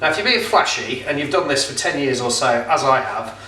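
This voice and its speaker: A man's voice: medium pitch, lively intonation, brisk, hardly any pauses, pushed and bright, a little hiss or hum. A middle-aged man presenting a casual cooking demonstration at home, chatty and jokey, with plenty of filler words. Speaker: pizza kit seller and presenter. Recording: roomy echo, mic some distance off.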